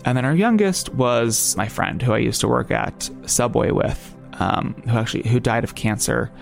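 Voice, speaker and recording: A man with a New Jersey accent tells a story in a loose, rambling way, stopping and restarting often. His voice has a gravelly edge. Faint music plays underneath. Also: medium pitch, animated, normal speed. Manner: rambling, many fillers and restarts. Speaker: podcast guest. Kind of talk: casual storytelling.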